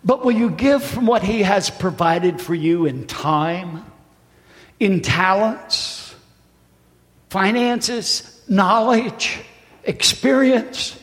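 A middle-aged man preaching a sermon in a church, swinging from fervent shouts down to hushed appeals. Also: high voice, lively intonation, drawn-out words. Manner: impassioned, rising to shouts then dropping to a hush. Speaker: pastor. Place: church sanctuary. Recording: echoey hall with long reverb.

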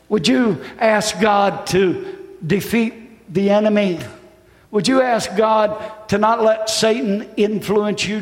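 A middle-aged man preaching a sermon in a church, swinging from fervent shouts down to hushed appeals. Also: high-pitched. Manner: impassioned, rising to shouts then dropping to a hush. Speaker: pastor. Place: church sanctuary. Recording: echoey hall with long reverb.

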